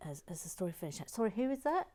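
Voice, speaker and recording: A woman's voice: mid-range voice, very animated, quick pace, background noise. A woman hosting a building channel, chatting in a rambling, self-mocking way and often dropping to a whisper. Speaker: host. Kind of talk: casual chat while building a model kit.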